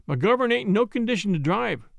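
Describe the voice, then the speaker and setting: A man's voice: high-pitched, lively intonation, brisk, vocal fry, no echo, pitched above the performer's own voice. A man voicing a glib cocky street boy. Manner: flippant, glib, talks his way out. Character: cocky street boy driving a stolen cab. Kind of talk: audiobook character voice.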